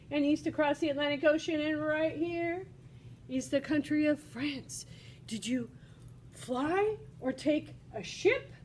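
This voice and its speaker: A woman's voice: high voice, a little hiss or hum. A woman teacher giving a bubbly, exclamatory video lesson to children. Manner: bubbly and exclamatory, talks to kids.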